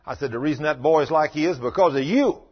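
A man's voice: on the high side, quick pace, husky, dull audio. A man preaching a sermon as pastor, telling folksy stories and building to emphatic scolding.

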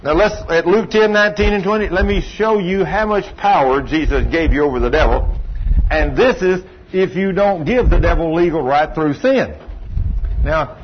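A man's voice: on the high side, normal speed. A man preaching a sermon, telling stories and acting out the people in them in a folksy way. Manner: folksy storytelling preacher, acts out dialogue. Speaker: pastor. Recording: dull lo-fi recording with faint hiss.

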